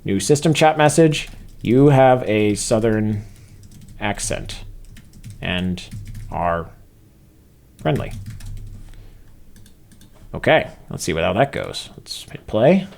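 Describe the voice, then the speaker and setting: A man walking through a coding tutorial step by step in a relaxed, casual way, with frequent filler uhs as he narrates what he types. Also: fairly low pitch, takes it slowly, vocal fry, pauses often. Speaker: software developer teaching a coding tutorial. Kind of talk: screen-recorded coding walkthrough.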